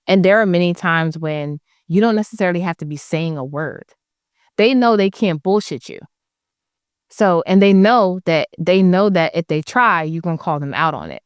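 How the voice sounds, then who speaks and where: A woman's voice: lowish voice, normal speed, smooth, dry recording, studio quality. A woman guest on a podcast, telling her own stories in a blunt, emphatic, candid way. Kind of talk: candid conversational storytelling.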